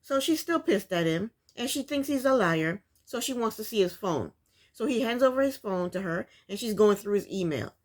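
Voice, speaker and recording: A woman talks straight at her viewers, recapping a reality show with exasperation. Her voice sits in an ordinary middle pitch, and she rants loosely, stumbling over restarts as she goes. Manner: exasperated, opinionated ranting; loose, full of restarts and fillers. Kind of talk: casual commentary.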